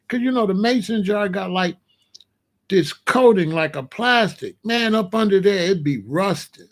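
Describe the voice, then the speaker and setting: A man in a casual monologue, talking in a slangy, emphatic way and reacting with animated disbelief. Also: high-pitched, measured pace. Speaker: vlogger.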